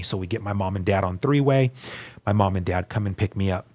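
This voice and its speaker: A man's voice: deep voice, brisk, a little mellow. A man recounting his personal testimony in an interview, telling the story earnestly and acting out the dialogue he quotes. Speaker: guest sharing testimony.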